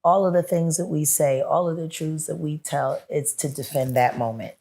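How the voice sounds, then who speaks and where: A woman with a strikingly deep, low voice talks as a guest in a casual sit-down chat. She tells her stories with animation and slips into the voices of the people she's quoting. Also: moderate pace. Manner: animated storyteller who acts out the people she quotes. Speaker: interview guest.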